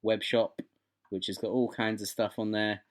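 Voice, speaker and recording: A man's voice: on the low side, flat delivery, moderate pace. A man co-hosting a podcast, chatting casually and enthusiastically, rambling through his points. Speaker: podcast co-host. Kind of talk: casual chat.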